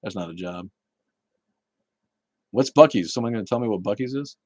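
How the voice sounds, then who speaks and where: A man's voice: lowish voice, animated, normal speed, a little mellow, no room sound. A man hosting a casual livestream, chatting bluntly with viewers, swearing and laughing often. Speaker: livestream host reading chat.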